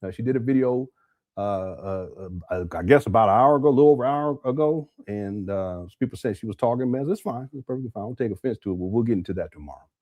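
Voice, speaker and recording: A man's voice: mid-range voice, fast, no echo, highs cut off. A man hosting a live stream, casually rambling while reading viewer messages aloud. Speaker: livestream host.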